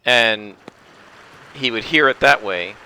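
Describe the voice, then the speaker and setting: A man giving casual commentary over his own tennis game, explaining the rules at length and rambling with restarts and throat clearing. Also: medium pitch, slow, bright, forceful tone, a little hiss or hum. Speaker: gameplay commentator. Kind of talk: casual let's-play commentary.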